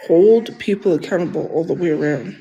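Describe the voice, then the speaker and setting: A man with a high-pitched voice talks casually on his livestream. He rambles and sounds defensive, often stopping to restart a sentence. A faint hum sits behind him. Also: a little fast, gravelly, dark tone, poor audio.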